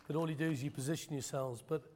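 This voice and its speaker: Male preacher, high voice, fervent emphatic sermon, self-deprecating humor, long hall reverb. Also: fairly even intonation, fast talker, slight background noise. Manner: impassioned, rising to loud emphatic preaching; self-deprecating, joking asides. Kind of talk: sermon with prayer and personal testimony.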